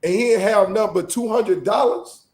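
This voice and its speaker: A man from South Florida talking sports with a high, lively voice that keeps exclaiming and joking. His voice rings with a noticeable echo, as if in a bare, roomy space. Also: normal speed. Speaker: co-host. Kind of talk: casual sports talk.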